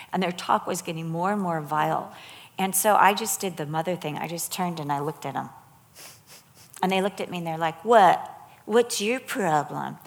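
Low gravelly middle-aged woman telling stories. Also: in a large hall. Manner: animated storyteller, acts out quotes. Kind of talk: casual faith discussion, storytelling.

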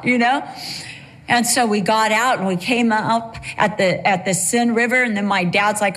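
A woman's voice: medium pitch, normal speed, a bit bright. A middle-aged woman preaching a sermon in a church, conversational and storytelling, slipping into playful voices when she quotes people. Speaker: pastor.

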